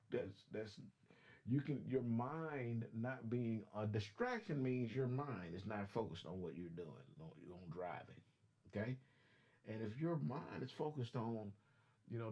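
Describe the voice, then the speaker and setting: Gravelly-voiced man in his fifties. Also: medium pitch, warm tone. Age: 50s. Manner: rambling, blunt and profane, heavy with "you know". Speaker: trucker hosting a live stream. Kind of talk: casual live chat. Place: in his truck cab.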